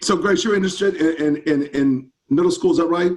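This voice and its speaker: A man's voice: fairly high pitch, a little fast, a little mellow. A man, a campus ministry pastor answering students' questions in an enthusiastic, upbeat casual chat over a video call.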